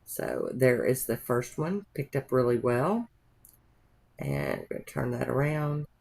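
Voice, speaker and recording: A woman's voice: rumbling low, big pitch swings, unhurried, creaky, a little mellow, breathy edge. A woman narrating a nail art tutorial in a chatty, rambling way, with homey asides to her viewers.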